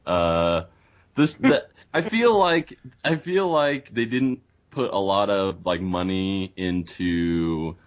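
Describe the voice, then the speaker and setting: A man talks casually on a movie review podcast, rambling and circling back on his words. His voice sits fairly low. The recording sounds dull and lo-fi. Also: lively intonation, slow pace. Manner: rambling, full of fillers and restarts. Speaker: podcast co-host.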